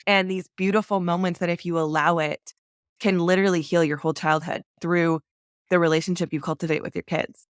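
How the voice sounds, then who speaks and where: A woman's voice: on the low side, fairly even intonation, a little fast, clear, resonant tone, no room sound, studio quality. Podcast guest, woman, heartfelt and candid, filler-heavy casual speech, clean resonant tone. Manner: earnest and emotional, many "like" fillers. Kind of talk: candid conversational interview.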